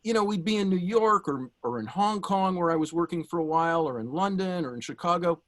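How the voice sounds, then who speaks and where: A middle-aged man giving a prepared tribute over a video call, telling anecdotes in a warm way with many small pauses and fillers. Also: sits high, lively intonation. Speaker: guest speaker giving a tribute.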